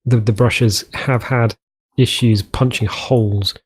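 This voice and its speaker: A man's voice: medium pitch, fairly even intonation, takes it slowly, husky. A man casually commenting on his gameplay, rambling off on tangents and joking at his own expense. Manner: rambling, tangent-prone, self-mocking. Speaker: let's play host.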